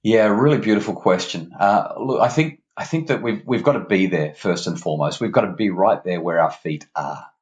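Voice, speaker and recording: A man, a parenting expert guest on a podcast interview, talking in an animated, emphatic way and often restarting his words. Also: low voice, moderate pace, hardly any pauses. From Australia.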